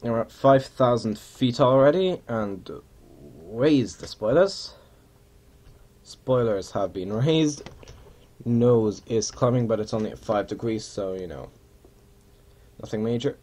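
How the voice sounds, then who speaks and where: While playing a flight simulator, a man offers loose, rambling commentary, muttering and poking fun at himself. Now and then he slips into mock pilot announcements. His voice is medium-pitched, darkish and slow.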